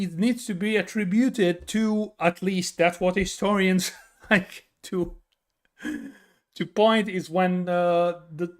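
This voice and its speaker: Sleepy italian guy streaming, answers chat questions, lots of uhs, voice on the higher side. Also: a bit bright. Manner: chatty, explains with many fillers and restarts. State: tired from little sleep. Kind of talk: casual chat reading viewer questions.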